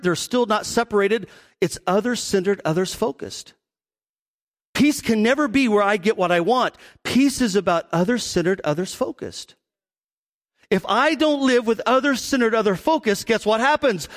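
Pastor for a sermon: a man, high voice, animated delivery with acted-out asides, long hall reverb. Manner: animated, acts out quoted voices, asks the congregation questions.

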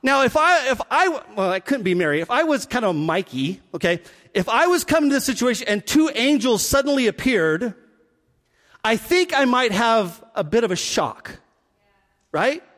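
Man, pastor, high voice, sermon, animated storytelling, long hall echo. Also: normal speed. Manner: animated storytelling, drops to a hush for emphasis.

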